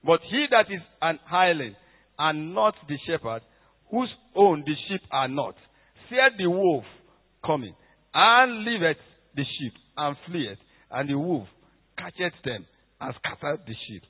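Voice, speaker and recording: A high-voiced male preacher delivers his sermon with fervor, surging into loud emphatic bursts and then dropping to hushed prayer. His voice comes through thin and tinny, like a phone line, and rings out with a long hall reverb. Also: sing-song, a little slow, husky.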